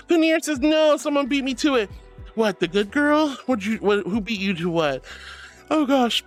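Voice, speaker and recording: A woman's voice: fairly high pitch, animated, normal speed, soft background music. Sweet-talking, giggly female streamer. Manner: gushing, affectionate, giggly. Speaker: live streamer. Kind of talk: casual live-stream chat.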